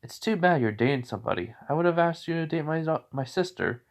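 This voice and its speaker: A man's voice: fairly high pitch, expressive, quick pace, vocal fry, pitched above the performer's own voice. A man voicing a laid-back man who talks in an easygoing, teasing way.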